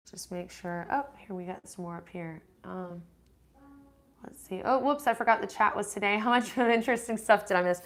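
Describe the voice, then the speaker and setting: A woman with a fairly low, fairly bright voice hosts a casual live-stream Q&A, reading viewer comments aloud and answering them. Her replies are rambling and chatty, with frequent restarts.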